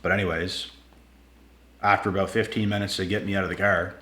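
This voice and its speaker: A man telling a personal story to his viewers in a casual, animated way, slangy and swearing freely. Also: sits low, brisk, reverberant.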